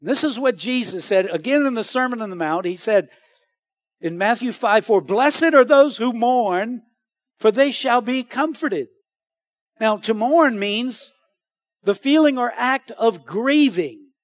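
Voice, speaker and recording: A man preaching a sermon as pastor, animated and calling out to the congregation. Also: very high voice, measured pace, no echo, studio quality.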